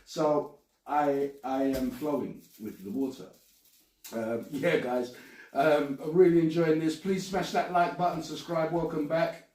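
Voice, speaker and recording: High-voiced London man swearing and laughing. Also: measured pace, a little mellow. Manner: swears a lot, laughs, rambling. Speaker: podcast host. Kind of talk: casual chat. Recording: echoey room, mic at a distance, some noise.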